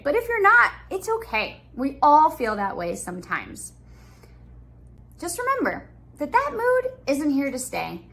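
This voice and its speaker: High, sing-song woman teaching preschoolers. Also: creaky. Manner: sing-song, exaggerated storytelling voice for little kids; gentle and soothing when guiding breathing. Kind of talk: reading aloud and talking to young children.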